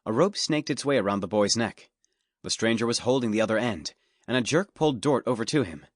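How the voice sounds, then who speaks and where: Measured and steady, a male narrator works through a scripted fantasy audiobook in a medium-pitched voice. The sound is clean studio audio from a studio mic, without room sound.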